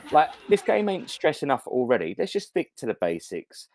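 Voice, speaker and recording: A man's voice: medium pitch, huge pitch swings, moderate pace, few pauses, music in the background. A man co-hosting a podcast over a video call, ranting in exasperation in casual chat. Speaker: podcast co-host.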